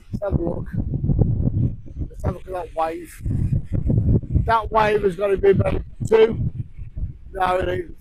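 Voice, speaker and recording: A man, talking casually for a fishing vlog in a blunt, sweary, ranting way, outdoors on a beach at night by rough surf. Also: high-pitched, fairly even intonation, slow pace, pauses often, noisy background. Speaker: fishing vlogger.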